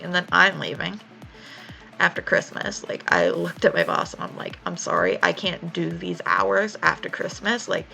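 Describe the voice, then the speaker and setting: Sketching on her stream, a young woman talks casually and tells lively, profanity-laced stories in a lowish, gravelly voice at normal speed. The recording is rough, with faint background music.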